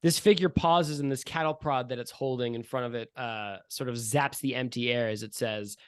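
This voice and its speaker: A man's voice: mid-range voice, normal speed, clean tone, no echo. A man narrating a tabletop game as game master, descriptive and loose, with many fillers. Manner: descriptive, with frequent "um" and "like".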